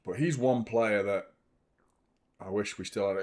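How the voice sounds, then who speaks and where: A man's voice: lowish voice, a little slow, long pauses. A man hosting a live football watchalong, commenting on the match, chatting to viewers and swearing freely. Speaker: host of a football watchalong stream.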